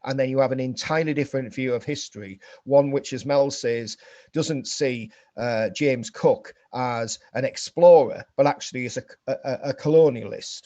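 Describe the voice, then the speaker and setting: A man's voice: medium pitch, normal speed, warm tone, no echo. A man, a panel guest speaking with passion in a political discussion, rising now and then to indignant outbursts. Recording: dull, dry lo-fi stream audio.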